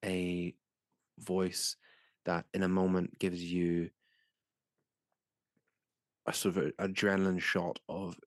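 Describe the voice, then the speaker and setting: A man running a tabletop game as game master, narrating scenes in a measured, descriptive way. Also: low voice, monotone, no room sound, studio quality.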